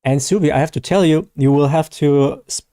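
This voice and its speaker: A man's voice: on the high side, brisk, warm tone, no room sound, studio quality. A man from Germany with a German accent, hosting a casual live gaming stream, hesitant and self-deprecating with many fillers and restarts.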